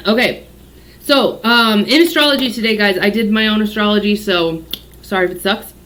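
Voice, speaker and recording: A woman's voice: medium pitch, normal speed, a bit bright. Rambling, foul-mouthed woman tarot reader. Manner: rambling, swears freely, tangential. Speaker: psychic tarot and astrology reader. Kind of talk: casual livestream reading.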